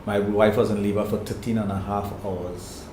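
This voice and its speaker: A man's voice: fairly low pitch, flat delivery, moderate pace, a little mellow. An older man with a Trinidadian accent, answering interview questions in an earnest, reflective way and often repeating phrases as he thinks. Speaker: interview guest, sexologist. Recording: echoey room with faint noise.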